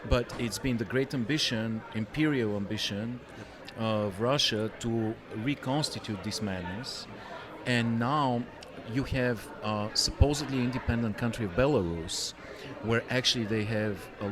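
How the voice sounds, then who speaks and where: A man on a podcast panel, opinionated and rambling, getting loud when he jokes. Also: mid-range voice, moderate pace, few pauses. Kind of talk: casual panel chat. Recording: crowd noise behind.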